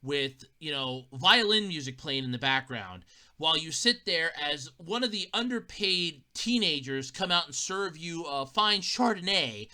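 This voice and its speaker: Lady doing a podcast rant, sarcastic and laughing a lot, super expressive. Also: sits low, unhurried. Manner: animated, sarcastic, laughs often. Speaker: podcast host. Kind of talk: casual comedic podcast monologue.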